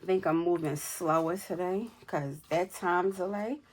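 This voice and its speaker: A woman's voice: lowish voice, measured pace, slight background noise. A woman in her forties from New York City, chatting casually and counting money aloud as she tells stories. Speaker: budgeting vlogger. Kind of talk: casual chat while cash stuffing.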